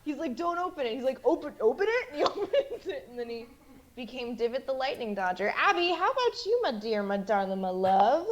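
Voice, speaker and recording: A woman in the cast of a tabletop game stream chats casually about the show. Her voice sits high, and she keeps dissolving into giggles. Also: very animated, fairly quick, muffled recording, a little hiss or hum. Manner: giggly, breaks into laughter. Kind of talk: casual chat on a livestream.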